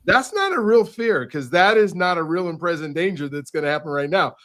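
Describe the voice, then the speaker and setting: Animated storyteller, man, higher voice. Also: fairly quick. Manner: animated, repeats words as he restarts. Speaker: podcast guest, author. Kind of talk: casual storytelling in conversation.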